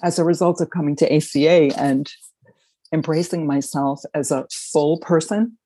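A middle-aged woman sharing her recovery story, speaking in an emotional, halting and reflective way. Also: low-pitched, warm tone, low-quality recording. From Baltimore, Maryland. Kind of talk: personal sharing.

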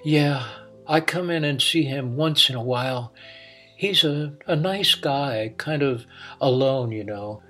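A nervous young woman, voiced by a male storyteller, speaks in a soft, plain everyday way, barely shifted from his own middle-pitched voice. Faint music sits underneath. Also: slow. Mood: gentle.

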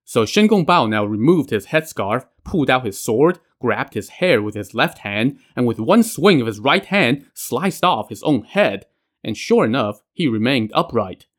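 A man's voice: mid-range voice, very animated, normal speed. A man narrating a classic tale in a conversational way, adding casual asides. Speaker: storyteller. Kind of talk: storytelling narration.

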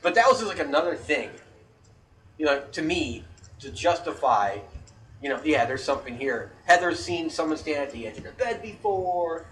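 A man co-hosting a casual chat, telling a story full of swearing and shouted outbursts. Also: fairly high pitch, moderate pace, distant mic. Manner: profane, animated storyteller, shouts quoted outbursts. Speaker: podcast co-host.

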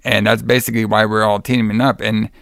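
A man co-hosting a podcast, recapping a wrestling show in a rambling, excitable way with lots of fillers. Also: lowish voice, fairly quick, gravelly, dry recording, clean studio sound. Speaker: podcast co-host.

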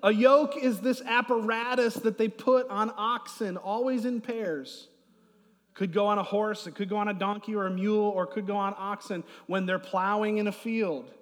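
A middle-aged man preaching a sermon as pastor, swinging from loud emphasis to soft asides. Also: high-pitched, fairly even intonation, normal speed. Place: church hall. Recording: long hall reverb.

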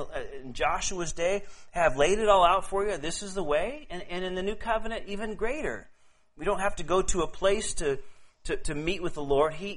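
A man preaching a casual, conversational sermon, often repeating words as he goes and reading scripture slowly and deliberately. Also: high voice, fairly bright tone.

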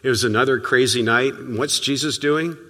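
A man preaching a sermon as a pastor, telling stories in a conversational way and often dropping to a soft, quiet voice. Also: mid-range voice, fairly quick, in a large hall. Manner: conversational, storytelling preaching with sudden soft drops.

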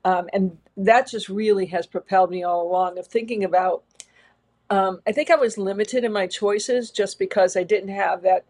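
A middle-aged woman speaks in a middle register as an interview guest. She reflects earnestly on her own path in long, winding sentences. Her tone is sincere and unhurried. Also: mid-range voice, steady tone, darkish tone. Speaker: interview guest, education leader. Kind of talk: reflective personal storytelling in an interview.

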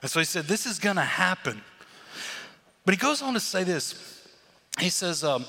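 A man preaching a sermon as pastor, animated, acting out the crowd's voices. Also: high voice, normal speed, vocal fry, long pauses, big-room sound.

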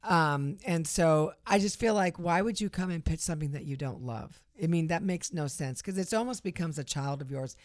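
A woman's voice: deep voice, normal speed, few pauses, darkish tone, dry recording. Chatty woman, dry close sound. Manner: chatty, agreeable. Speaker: podcast co-host. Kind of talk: casual podcast chat.

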